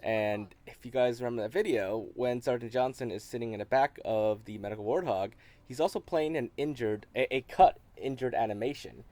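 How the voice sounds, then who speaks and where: A man talks through a video game discovery in relaxed commentary at an everyday mid pitch. He often restarts his sentences and fills them with "like". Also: a little fast, no echo. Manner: relaxed and explanatory, with frequent restarts and "like". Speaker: gaming video host. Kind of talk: casual commentary.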